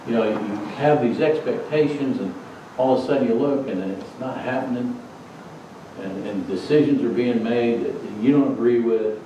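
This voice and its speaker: A male pastor preaching a sermon in a relaxed, conversational storytelling way. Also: mid-range voice, normal speed, slight background noise. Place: church sanctuary. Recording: echoey sanctuary, distant dull mic.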